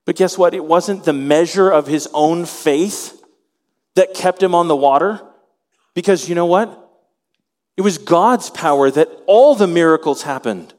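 Animated man preaching in a reverberant hall. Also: a little high, a little slow. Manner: animated, acts out voices in quotes. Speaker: pastor. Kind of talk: sermon.

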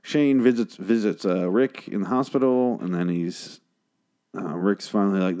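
A man talking in a hushed way late at night at home, casually recapping a TV episode and swearing often. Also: on the low side, a little fast. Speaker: show recapper. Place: home at night, a girlfriend asleep in the next room.

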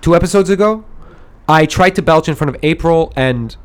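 A man hosting a podcast, telling a story in an animated, digressive way, swearing freely and recording in a studio. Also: on the high side, moderate pace. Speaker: podcast host. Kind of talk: casual storytelling chat.

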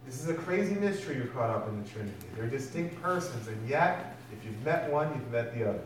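A man's voice: medium pitch, lively intonation, brisk. A man preaching a sermon in a conversational way, often putting questions to the congregation. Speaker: pastor. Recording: echoey hall from far off, faint noise.

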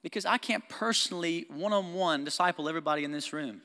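A male pastor preaches to his congregation in a church hall with a long reverb tail. His voice sits a little high and sounds bright and forceful. He swings from loud, stirring exhortation to quiet, close talk, laughing and throwing asides to the room. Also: quick pace. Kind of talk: sermon. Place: church sanctuary.

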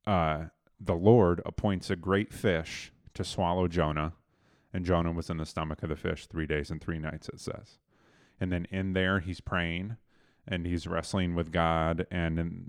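Deep-voiced man casually retelling a Bible story. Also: no room sound, clean studio sound. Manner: conversational, loose paraphrase with fillers and restarts.

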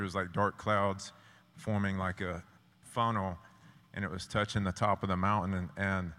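A man from South Georgia with a Southern accent preaching a sermon, earnest and halting with many restarts. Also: lowish voice, fairly bright tone, in a large hall.

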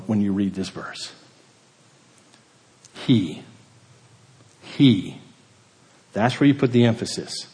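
A man preaching a sermon, building emphasis on key words and then dropping to a quiet hush. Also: on the low side, long reverb tail. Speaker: pastor.

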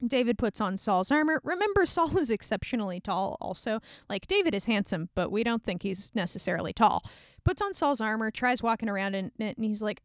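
A woman's voice: a little high, expressive, fairly quick, no echo, studio quality. A woman casually retelling a Bible story in a chatty way, with frequent fillers and small laughs.

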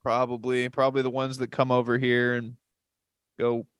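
A man's voice: mid-range voice, monotone, moderate pace, fairly bright tone, clean tone, no echo, clean studio sound. A man in his twenties trading crude, teasing jokes as a podcast co-host in casual banter. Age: 20s.

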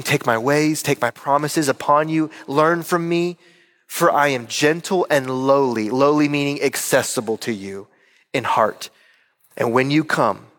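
A pastor of medium pitch and somewhat bright tone delivers his sermon in a church hall, where a long reverb tail follows his voice. Earnest and emphatic, he leans on repeated key words for weight.

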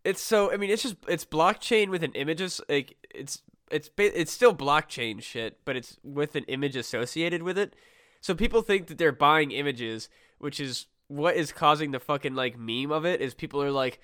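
A man's voice: on the high side, moderate pace, fairly bright tone, smooth, no room sound, studio quality. A young man from Iowa hosting a casual podcast chat, ranting with constant swearing and restarts. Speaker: podcast host.

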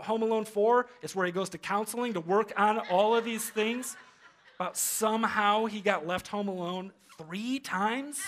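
A man preaching a sermon as pastor, animated and humorous, acting out quoted voices. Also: high-pitched.

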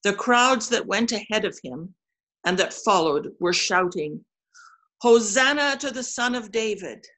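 A woman reading scripture aloud slowly and carefully, with small slips. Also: medium pitch, expressive, a bit bright. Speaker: scripture reader.

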